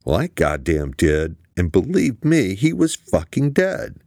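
A man's voice: low-pitched, sing-song, unhurried, vocal fry, husky, no room sound, voice pushed up, heavily acted. A man puts on a foul-mouthed young woman, her voice lifted far above his own and swinging widely. She curses and snaps back hard. The sound is close and dry. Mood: furious. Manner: shouting, cursing.

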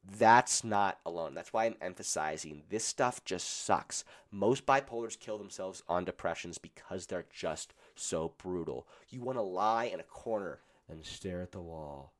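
A man hosting a solo podcast, his voice roughened by a cold, talking in an earnest, blunt and encouraging way. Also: low-pitched, normal speed, hardly any pauses. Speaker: podcast host.

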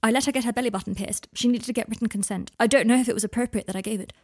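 A woman voicing a distraught young man wizard, speaking in frantic, halting bursts in a storybook reading. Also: a little high, fairly even intonation, a little mellow, breathy edge, voice pushed up. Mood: confessing.

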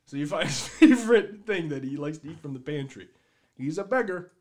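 A man's voice: fairly high pitch, expressive, a little fast, a little mellow. A man telling a crude, rambling comic story, swearing often and breaking into laughter.

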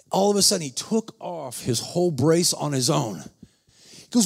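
A man preaching a sermon, telling stories in a slangy, fervent way that rises to shouts. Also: sits high, very animated, moderate pace, gravelly. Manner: storytelling, rising to shouts.

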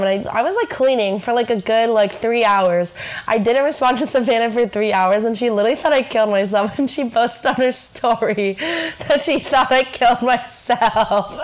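A young woman from Michigan hosting a casual podcast, telling a rambling story full of "like" fillers and frequent laughter. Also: on the high side. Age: young adult. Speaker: podcast host. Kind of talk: casual chat.

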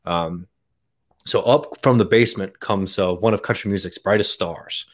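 A man's voice: sits low, normal speed. A man chatting casually on a podcast, telling a long story with lots of fillers and easy laughter. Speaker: podcast guest. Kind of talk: casual chat.

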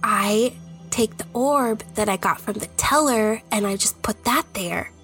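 Excitable giggly woman player. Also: a little high, a little slow, soft background music. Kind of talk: tabletop role-play chat.

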